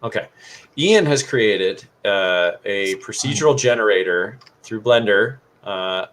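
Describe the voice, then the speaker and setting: A man's voice: lowish voice, expressive, unhurried, fairly bright tone. A man co-hosting a casual livestream, explaining things in a loose, rambling way with lots of fillers. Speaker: livestream co-host.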